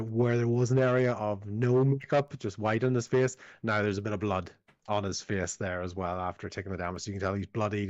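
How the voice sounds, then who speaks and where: Man game master, lowish voice, dry close sound, easygoing, muffled call audio. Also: darkish tone, no room sound. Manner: easygoing, affirming with repeated yeahs. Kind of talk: narrating and ruling a tabletop game. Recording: slightly dull lo-fi audio.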